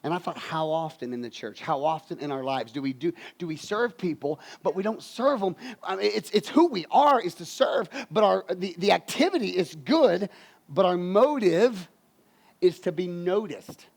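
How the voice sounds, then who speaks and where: A man preaching a lively, folksy sermon as pastor, swinging from loud bursts to quiet, low emphasis. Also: moderate pace, creaky.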